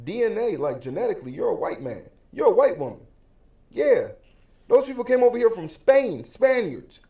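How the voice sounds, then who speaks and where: A man's voice: sits high, big pitch swings, moderate pace, dark tone, echoey room. A man with an African American English accent in a blunt, emphatic direct-to-camera rant that keeps circling back to his points. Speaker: social media commentator.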